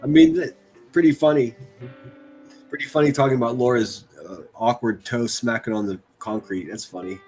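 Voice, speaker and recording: A man's voice: mid-range voice, fairly even intonation, normal speed, a little mellow, faint music behind. A man hosting a stream, ranting crudely and mocking people in exasperated bursts. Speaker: streamer host.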